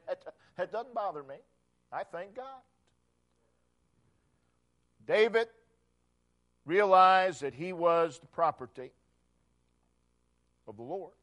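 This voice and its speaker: A man preaching a sermon, slow and emphatic, repeating key phrases and building to loud climaxes. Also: high voice.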